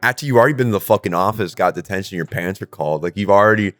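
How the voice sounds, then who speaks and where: Profane, animated young man telling stories. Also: deep voice, very fast, no echo. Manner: profane, animated storytelling, acting out quotes. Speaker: podcast co-host. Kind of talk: casual chat.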